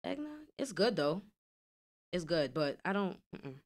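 A young woman co-hosting a casual chat, laid-back and answering with quick short reactions. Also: fairly low pitch, sing-song. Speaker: podcast co-host.

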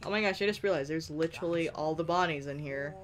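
A woman with a low voice talks fast as a let's play host. Her gameplay commentary is playful and giggly, and she teases the characters and speaks straight to them on screen.

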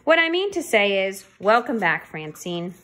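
A woman's voice: medium pitch, very animated, normal speed, a bit bright. Storybook figure: a grandiose, pompous older man who speechifies, put on by a woman reader. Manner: grandiose, flowery.

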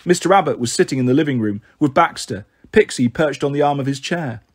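A man narrating a children's novel in a steady first-person reading. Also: mid-range voice, brisk, husky. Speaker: storyteller.

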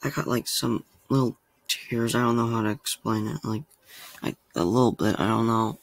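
A man's voice: mid-range voice, normal speed, gravelly, no echo. A man hosting a reaction vlog, talking casually to the camera in a rambling, emotional way and laughing at himself often. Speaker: reaction channel host. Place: home room.

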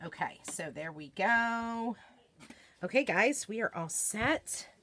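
A woman's voice: fairly high pitch, expressive, slow pace, fairly bright tone, a little hiss or hum. A woman hosting a live craft demonstration from home, chatting with viewers and reading their comments aloud. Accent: American. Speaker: craft livestream host.

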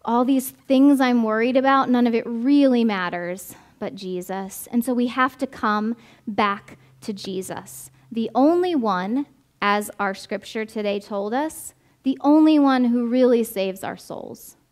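Slow, emphatic woman preaching. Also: fairly high pitch. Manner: conversational, often adds "right?"; emphatic repetition. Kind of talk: sermon. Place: church service.

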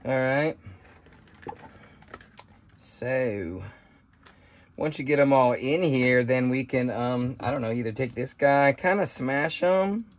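A man's voice: medium pitch, slow, pauses often, no room sound. A man casually showing how he harvests and prepares berries, talking in a folksy, rambling way full of fillers and asides. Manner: rambling, folksy, thinks out loud with many fillers. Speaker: homesteading vlogger. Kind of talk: casual outdoor how-to vlog. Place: outdoors by trees, then a kitchen.

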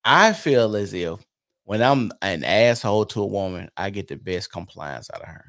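A man hosting a casual podcast chat, asking probing questions in a low-key manner. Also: lively intonation, normal speed, fairly bright tone. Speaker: podcast host.

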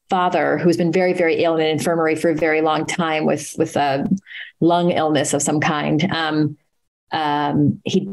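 A woman guest at a live talk, earnestly retelling a story with many pauses and restarts. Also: sits low, low-quality recording. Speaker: author and interview guest.

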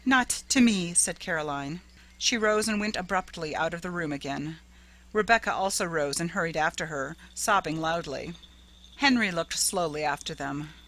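A woman narrates a classic ghost story in a steady, measured way. Her voice is fairly low yet bright and crisp in tone. A faint bed of music sits behind her. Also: rough recording.

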